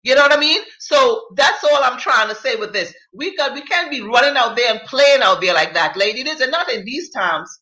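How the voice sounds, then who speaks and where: A woman's voice: sits high, animated, fairly quick, hardly any pauses, bright, forceful tone, roomy sound, poor audio. A woman hosting a live talk show, reading viewer comments and giving blunt, emphatic opinions in casual slang.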